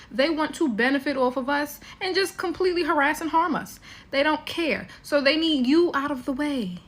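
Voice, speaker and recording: A woman's voice: high voice, fairly bright tone. A woman giving impassioned commentary, lecturing her listeners directly and emphatically.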